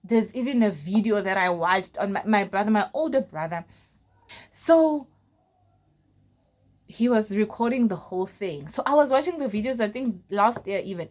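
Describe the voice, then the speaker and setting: A young woman from South Africa telling a personal story in a casual vlog, full of fillers and often dropping to a low, quiet voice. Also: moderate pace. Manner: casual, frequent fillers like "like" and "you know". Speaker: vlogger.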